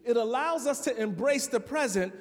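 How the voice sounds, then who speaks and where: A man from Chicago preaching a sermon in a church, talking conversationally to the congregation and building to loud, emphatic peaks. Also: extremely high pitch, expressive, moderate pace. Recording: long reverb of a large hall.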